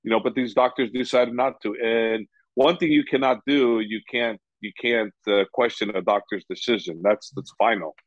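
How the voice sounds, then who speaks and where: A man's voice: medium pitch, steady tone, moderate pace, few pauses, no echo. A man who coaches fighters, speaking in a casual interview, rambling and repeating "you know" often. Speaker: MMA coach. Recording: dull lo-fi sound.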